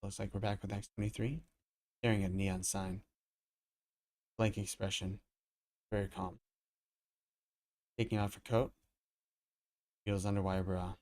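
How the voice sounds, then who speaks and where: A man's voice: level tone, measured pace, long pauses, a little mellow. A man reading a comic book aloud live, with casual asides between panels. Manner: reads aloud, voicing characters with raised pitch.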